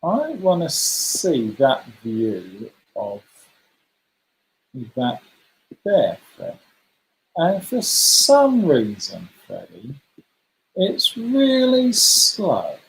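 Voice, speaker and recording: An encouraging man hosts a letter-guessing game for a children's club over a video call. His pitch jumps around animatedly while his pace stays slow and unhurried. The sound carries a roomy echo. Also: huge pitch swings, creaky. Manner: chatty and encouraging, praising players by name.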